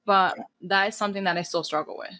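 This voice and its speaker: A woman's voice: mid-range voice, fast talker. A woman in her thirties from New Jersey, a guest on a podcast, talking candidly and bluntly with plenty of swearing and a few Spanish phrases. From New Jersey, USA. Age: 30s. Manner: blunt, profane and animated. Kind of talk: casual candid interview talk.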